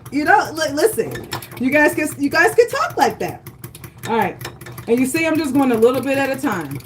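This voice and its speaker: A woman's voice: high-pitched, big pitch swings, moderate pace, slight background noise. A woman hosting a live cooking demonstration from her home kitchen, chatty and encouraging, often checking in with viewers. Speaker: cooking show host. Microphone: livestream setup.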